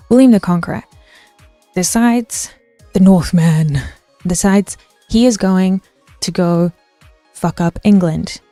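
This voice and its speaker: A young woman talks to her stream chat in a loose, rambling way, full of fillers and restarts. Her voice is lowish, mellow and unhurried. The sound is dry and close, with faint music underneath. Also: no room sound. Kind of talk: casual linguistics rant to chat.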